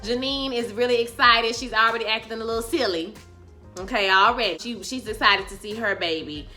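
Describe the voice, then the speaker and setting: A woman talks her viewers through a TV episode in loose, slangy chat. Her voice is bright and somewhat high, and she bursts into loud acted-out lines. Faint music plays underneath. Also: fairly quick. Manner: animated, acts out characters' lines with loud outbursts; casual slangy speech, addresses viewers as y'all. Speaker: TV recap vlogger. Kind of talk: casual TV recap chat.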